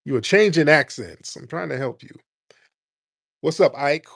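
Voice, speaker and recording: A man's voice: on the high side, lively intonation, moderate pace, creaky, a bit bright. A man hosting a live call-in talk show, speaking in an emphatic, repetitive, preaching way. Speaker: host.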